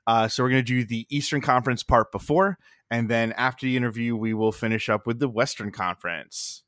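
Male podcast host, mid-pitch, casual and rambling, dry close mic. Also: brisk, fairly bright tone, dry recording. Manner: laid-back, rambling with fillers. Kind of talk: casual hockey podcast chat.

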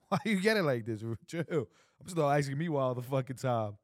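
A man in his twenties co-hosting a casual podcast chat, animated and profane, acting out quoted exchanges. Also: mid-range voice, normal speed, dry recording, clean studio sound. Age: 20s. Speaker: podcast co-host.

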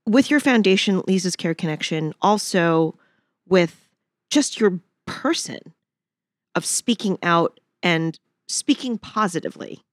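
A woman's voice: fairly low pitch, lively intonation, unhurried, no room sound, studio quality. Encouraging woman host. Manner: encouraging, affirming listener. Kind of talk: interview conversation.

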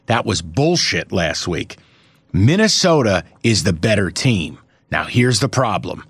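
A man co-hosting a sports betting chat, ranting with theatrical mock outrage and cursing, his voice jumping high when riled. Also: sing-song, unhurried, a bit bright, slightly rough, no room sound. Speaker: sports betting podcast co-host.

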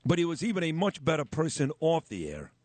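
A man hosting a morning radio show, telling stories quickly and laughing often; he grew up in Brooklyn, New York. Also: a little high, dry recording. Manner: animated, quick storytelling with laughs. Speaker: radio host.

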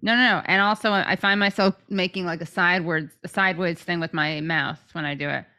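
A woman's voice: lowish voice, steady tone, a little fast, pushed and bright. A woman co-hosting a podcast, chatting casually and jokily about odd news stories. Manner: jokey, puts on accents mid-story. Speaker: podcast co-host.

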